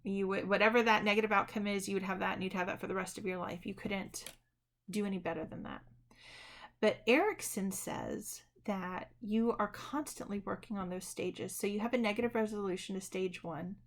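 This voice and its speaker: A woman's voice: mid-range voice, a little fast. A woman teaching a college psychology lecture in a conversational way, often checking in with "right?" and correcting herself mid-sentence. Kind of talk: recorded online lecture.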